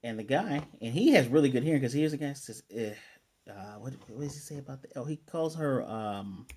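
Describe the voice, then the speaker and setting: A man's voice: mid-range voice, lively intonation, fairly quick, dark tone. Rambling man recapping an anime. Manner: rambling, acts out character lines in quotes. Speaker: anime reviewer. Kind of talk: casual recap and review.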